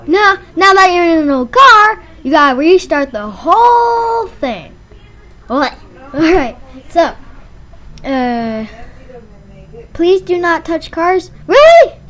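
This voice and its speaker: A woman giving absurd mock driving advice in a rambling, halting way, full of fillers and deadpan jokes, in a car showroom. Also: sits high. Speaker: vlogger. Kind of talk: joking mock tutorial.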